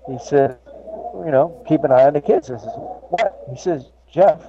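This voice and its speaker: Brief: grieving man, halting storyteller, slightly muffled recording with faint room ambience. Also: fairly high pitch, mellow, a little hiss or hum. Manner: halting, many restarts and fillers. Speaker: guest. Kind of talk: personal story in an interview.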